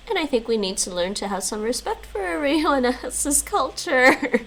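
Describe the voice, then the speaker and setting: A woman live-streaming in a casual, chatty way, thinking aloud and reading passages aloud while her voice is going hoarse. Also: on the high side, very animated, a little slow, long pauses, fairly bright tone, rough recording. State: losing her voice, coughing.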